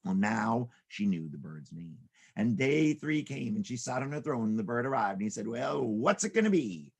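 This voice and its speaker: Gravelly husky guy telling silly kids stories, super lively, does sound effects. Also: lowish voice, normal speed. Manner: playful, animated, with sound effects and character voices. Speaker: children's storyteller. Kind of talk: storytelling for children.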